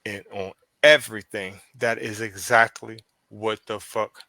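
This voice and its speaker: A man's voice: on the low side, measured pace, crowd noise. Profane man with a Pennsylvania accent. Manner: profane, animated retelling with quoted dialogue. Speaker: podcast guest. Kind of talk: casual storytelling.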